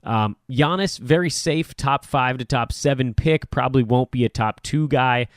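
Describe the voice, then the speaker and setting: A man's voice: mid-range voice, normal speed, no echo, studio quality. A middle-aged man hosting a casual sports podcast, rambling and self-deprecating as he chats. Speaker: podcast host.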